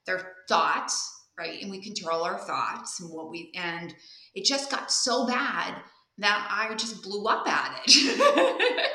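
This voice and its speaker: A woman guest telling personal stories in a candid, animated way, laughing often during the interview. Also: fairly high pitch, roomy sound, low-quality recording. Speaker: guest speaker and coach. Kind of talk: casual interview storytelling.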